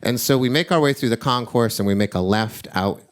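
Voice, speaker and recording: A middle-aged man telling a true personal story on a live stage, wry and confessional, turning from jokey to hushed. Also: mid-range voice, brisk. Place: live stage before an audience.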